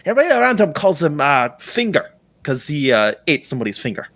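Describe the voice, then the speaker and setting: A cocky half-elf captain, voiced by a man for a tabletop game, speaks in a raised, bright, forceful tone. His manner is smug and offhand, as if nothing could trouble him. He sounds like an easygoing adventurer sizing up a stranger. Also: on the high side, very animated, quick pace, voice pushed up, full character voice.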